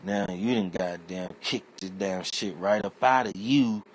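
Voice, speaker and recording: An internet comedian delivers a comic rant in a very deep, chesty voice, unhurried and rambling, cursing often as he drifts offhandedly from one point to the next. His manner is streetwise, and a faint hum of noise lies beneath his voice.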